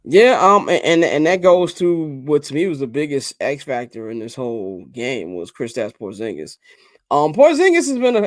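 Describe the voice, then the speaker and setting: A man's voice: on the high side, no echo, studio quality. A man hosting a casual sports podcast, talking animatedly with fillers and restarts, then handing the floor to his co-hosts. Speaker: podcast host.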